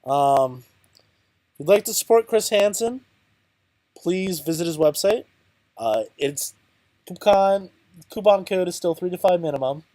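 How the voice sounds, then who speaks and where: A man's voice: high-pitched, expressive, measured pace, long pauses, warm tone, no echo. A man giving casual, rambling commentary on his card game, muttering to himself, counting aloud and mocking his own bad luck. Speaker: channel host playing a card game.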